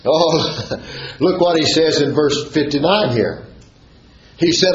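A man's voice: fairly high pitch, animated, unhurried, highs cut off, noisy background. Fervent preacher man, echoey church recording. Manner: fervent, sing-song rising exclamations; reads and expounds scripture verse by verse. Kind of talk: sermon.

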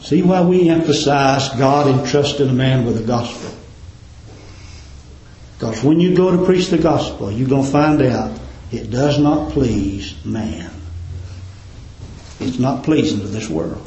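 A man preaching a sermon, fervently rising to emphatic peaks and dropping to quiet endings. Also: medium pitch, animated, a little slow, echoey room, slight background noise, poor audio. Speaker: pastor. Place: church.

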